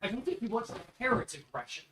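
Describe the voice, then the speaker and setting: A man's voice: very high-pitched, very animated, fast talker, sharp tone, a little hiss or hum. A man playing a tabletop game who eagerly eggs the other players on.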